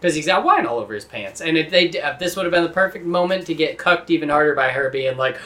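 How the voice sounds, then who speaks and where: A man's voice: on the high side, fast talker. A man casually discussing a movie scene with friends, acting out characters' lines as he goes. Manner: animated, acts out characters' lines. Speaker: podcast co-host.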